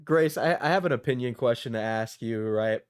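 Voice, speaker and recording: A man hosting a talk show, asking his guests questions in a halting, repetitive way. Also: mid-range voice, clear, resonant tone. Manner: hesitant, repeats words, halting. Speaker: show host. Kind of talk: interviewing guests.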